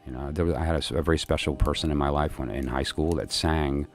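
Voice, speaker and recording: A man's voice: extremely low pitch, fairly even intonation, quick pace. A tired man hosting a livestream, telling a story to his viewers in a chatty, rambling way with lots of fillers and restarts.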